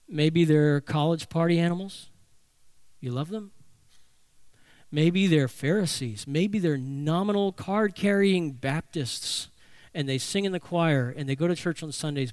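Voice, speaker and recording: A man's voice: high-pitched, dry recording. A man preaching a sermon as a pastor, delivering it animatedly. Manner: animated preaching, acting out voices for emphasis.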